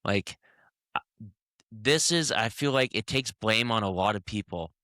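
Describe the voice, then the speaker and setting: Fired-up man with a lowish, bright voice. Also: lively intonation, no room sound, studio quality. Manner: heated, halting, many restarts. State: hiccups. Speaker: podcast co-host. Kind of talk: casual podcast discussion.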